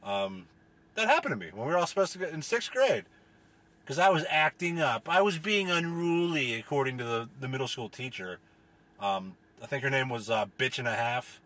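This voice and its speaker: A man's voice: mid-range voice, a bit bright. A man from the US delivering a profane, rambling, exasperated comedic rant as a solo podcast host.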